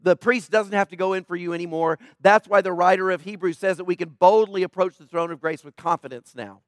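A middle-aged man delivers a sermon in a high voice, emphatic and conversational. He keeps asking his listeners questions. The recording is dry and close. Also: fairly quick, dry recording. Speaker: preacher.

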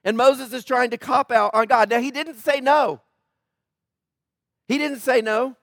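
A man's voice: very high voice, fairly even intonation, measured pace, fairly bright tone, dry recording, studio quality. A man preaching a sermon as pastor, talking conversationally to the congregation with jokes, asides and frequent checks like "right?".

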